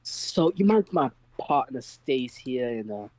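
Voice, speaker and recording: A man playing a scheming young noblewoman with a precious ruby, speaking in a slow, hesitant way. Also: medium pitch, big pitch swings, a little mellow, no room sound, rough recording. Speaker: player. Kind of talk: in-character tabletop role-play.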